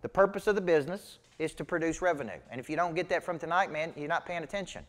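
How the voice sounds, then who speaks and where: A Southern US man teaching a business seminar, his voice sitting a little high for a man. He drives his points home with folksy phrasing and rhetorical questions. The sound rings with a long reverb from the hall. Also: fast talker. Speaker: business coach.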